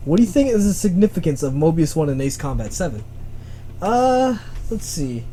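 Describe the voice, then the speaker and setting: A young man hosting a casual podcast chat, animated, laughing often and stumbling over his words. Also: a little high, normal speed, a little hiss or hum. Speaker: podcast host. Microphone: home microphone, uneven volume.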